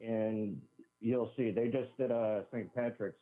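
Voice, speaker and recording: A man calling into a radio show, giving brisk, matter-of-fact advice. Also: on the low side, steady tone. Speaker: caller. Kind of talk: call-in radio chat. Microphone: telephone. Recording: tinny phone line.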